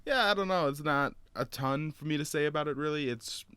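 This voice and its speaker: A man co-hosting a casual movie chat retells scenes with animated storytelling, plenty of fillers, and frequent laughs. His voice is clean and fairly quick, on the high side, with no room sound.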